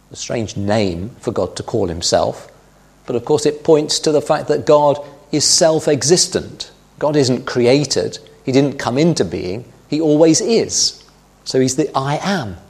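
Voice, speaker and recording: Husky-voiced man preaching. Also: medium pitch. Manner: measured Bible teaching, quoting scripture with emphasis. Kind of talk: sermon.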